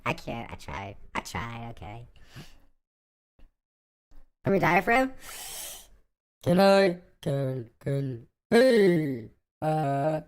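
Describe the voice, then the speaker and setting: A man streaming and reacting live in a joking, rambling way, his voice run through a chipmunk pitch-raising filter. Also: big pitch swings, very slow, long pauses. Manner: playful, joking, rambling with restarts. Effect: pitch-raised chipmunk voice filter.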